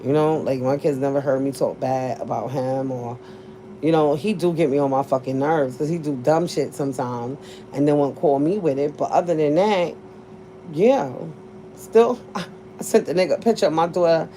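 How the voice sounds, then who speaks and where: A woman's voice: low-pitched, moderate pace, warm tone, slight background noise. A woman in her forties telling a casual story to her viewers, blunt and profane, laughing often as she talks. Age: 40s. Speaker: vlogger.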